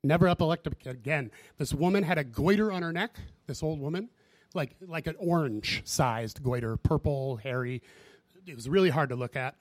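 Man, preacher, storytelling sermon, slightly high voice, acts out dialogue. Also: normal speed, no room sound, studio quality. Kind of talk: sermon testimony.

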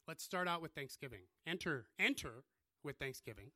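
A man's voice: medium pitch, brisk, pushed and bright, no echo. A man from the US Midwest, preaching a casual, self-deprecating sermon. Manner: conversational, self-deprecating, joking asides. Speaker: pastor.

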